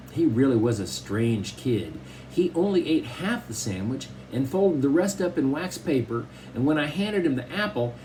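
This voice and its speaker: A man narrating a children's novel in the first person, in a conversational, expressive way. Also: fairly high pitch, slight background noise, poor audio. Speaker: audiobook narrator.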